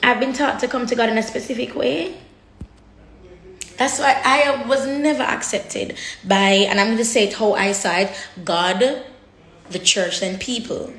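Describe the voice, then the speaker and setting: In a roomy-sounding recording, a woman with a fairly high, fairly bright voice speaks unhurriedly and with fairly even intonation. She's vlogging to her audience in a frank, personal way, swearing a lot and leaning hard on every word.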